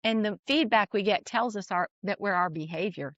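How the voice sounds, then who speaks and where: A middle-aged woman, here as a guest, relates a personal parenting anecdote in an easygoing conversation. Her mid-range voice keeps a moderate pace as she animatedly restarts sentences and laughs between phrases. The recording is dry, and the high frequencies are cut off.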